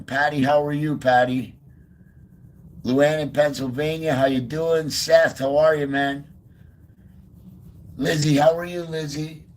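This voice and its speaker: A man hosting a casual live stream outdoors in the cold, greeting viewers by name one after another. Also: fairly high pitch. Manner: soft baby talk to his dog. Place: outdoors in freezing cold by a river.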